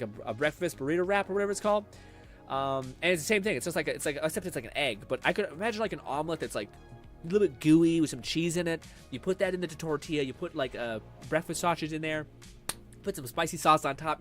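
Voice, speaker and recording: A man's voice: on the high side, lively intonation, fast talker, a bit bright, faint music behind. A young man streaming a game, chatting casually with viewers, rambling, swearing and laughing often. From Canada. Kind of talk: casual chat reading viewer comments.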